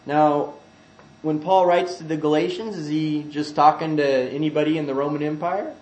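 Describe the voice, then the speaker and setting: A man preaching a sermon, swinging from quiet asides to loud, emphatic scripture reading. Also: on the high side, fairly even intonation, moderate pace, reverberant, poor audio.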